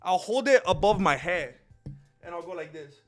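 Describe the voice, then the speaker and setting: Male streamer host, casual rambling chat, amped energy, bit higher pitched, soft background music. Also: moderate pace. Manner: rambling, excitable, calls viewers dude and bro.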